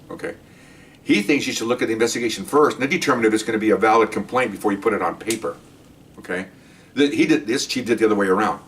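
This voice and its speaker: An older man, a retired police detective, recounts his cases in a quick, blunt, wry way. He jumps between voices to act out both sides of each exchange. His voice sits a little back from the microphone. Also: on the low side, distant mic. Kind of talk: casual storytelling.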